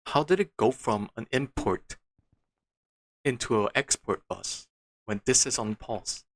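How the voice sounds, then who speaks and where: A man's voice: mid-range voice, measured pace, no room sound. A man streaming a game, muttering to himself with frustrated, disbelieving outbursts. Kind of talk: casual gameplay commentary.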